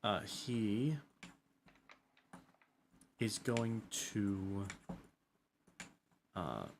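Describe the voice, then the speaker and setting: A man playing a tabletop game who talks in halting starts, with many ums and restarts. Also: fairly low pitch, expressive, slight background noise. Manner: hesitant, full of restarts and ums.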